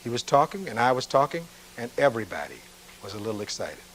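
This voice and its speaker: A man delivers a closing argument to a jury in a courtroom, speaking at an ordinary middle pitch. He reads testimony aloud from a transcript, then turns on it with pointed rhetorical questions. A faint hum of noise sits under his voice. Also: sing-song, fast talker, low-quality recording. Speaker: defense attorney.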